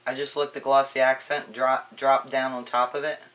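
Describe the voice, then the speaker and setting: Relaxed woman chatting through a craft demo. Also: extremely low pitch, normal speed. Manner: chatty, relaxed, frequent ums and restarts. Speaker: craft tutorial maker. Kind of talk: casual crafting tutorial.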